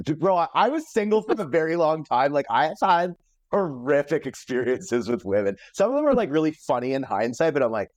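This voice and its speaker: A man from Canada tells podcast stories in an easy, rambling way, swearing freely and leaning on "like" as he restarts his sentences. His voice sits at an ordinary middle pitch for a man. The recording is dry and close, with almost no room sound. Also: darkish tone, no echo. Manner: profane, rambling, heavy use of "like". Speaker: comedian guest. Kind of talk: casual podcast storytelling.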